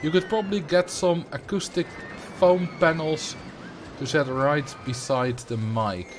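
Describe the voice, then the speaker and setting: A man's voice: a little high, a little slow, a little hiss or hum. A man with a Dutch accent, chatting casually on a livestream while he builds in a game and answers viewers. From Netherlands. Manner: chatty, answers chat questions while playing. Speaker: streamer.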